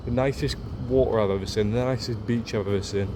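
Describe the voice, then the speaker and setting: A man's voice: lowish voice, steady tone, fast, background noise. A man from Leeds with a Yorkshire accent, gushing in a casual travel vlog to a handheld camera and repeating his phrases. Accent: Yorkshire English. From Leeds, England. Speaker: travel vlogger.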